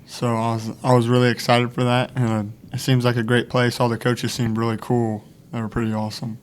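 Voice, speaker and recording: Flat-voiced young man giving short answers. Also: medium pitch, fairly quick, slight background noise. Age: young adult. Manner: brief, plain, matter-of-fact answers. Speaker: student athlete guest. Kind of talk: casual interview chat.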